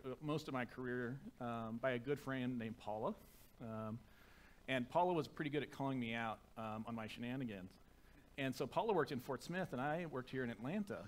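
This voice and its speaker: A man preaching a sermon to a church congregation through a microphone, conversational and self-deprecating, turning soft and reverent in prayer. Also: mid-range voice. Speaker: pastor. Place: church sanctuary.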